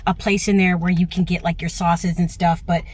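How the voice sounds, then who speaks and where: A woman travel vlogger, recording on a handheld phone from a car parked in a lot, talks in a casual, enthusiastic, gushing way. Her voice is on the low side and darkish in tone, fairly quick with little pitch movement, and a little hiss or hum can be heard.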